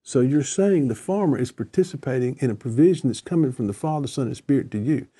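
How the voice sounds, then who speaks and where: A man's voice: mid-range voice, animated, fast talker, dark tone, slightly rough. A man in a conversational discussion, telling earnest stories and repeating phrases for emphasis. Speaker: discussion guest.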